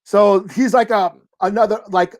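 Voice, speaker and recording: A man's voice: high voice, fairly even intonation, normal speed. A man hosting a podcast, recapping a comic plot in a rambling, profane way with many fillers. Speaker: podcast host. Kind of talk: casual podcast chat.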